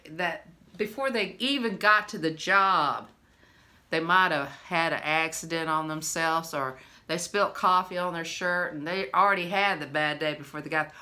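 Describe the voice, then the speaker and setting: Bright-voiced rambling woman. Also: lowish voice. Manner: rambling, chatty, laughs often. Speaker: vlogger. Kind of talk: casual chat to camera.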